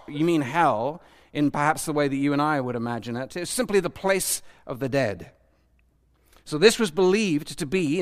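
Male preacher, animated sermon delivery, lively pitch swings, slightly higher voice, quizzes the congregation. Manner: animated, questions the audience, acts out quoted voices.

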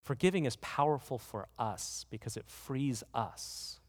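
Man, pastor, earnest sermon, mid-pitched voice, storytelling, echoing hall. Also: expressive, a little slow, darkish tone. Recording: reverberant hall.

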